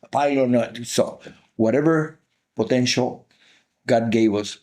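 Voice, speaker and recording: An older man with a Cuban Spanish accent speaks in a mellow, darker tone. He tells his life story earnestly as an interview guest, pressing his points by repeating them. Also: mid-range voice, measured pace. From Cuba. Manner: earnest, emphatic, repeats key phrases.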